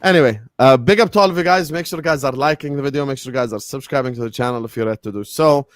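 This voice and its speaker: A man's voice: mid-range voice, very fast, no room sound. A man hosting a casual podcast chat, loose and filler-heavy, full of slang. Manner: laid-back British slang, filler-heavy. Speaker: host.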